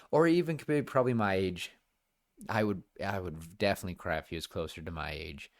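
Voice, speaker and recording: Low-voiced young man, rambling excitedly. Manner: enthusiastic, rambling with many restarts and fillers. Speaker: podcast co-host. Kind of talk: casual chat.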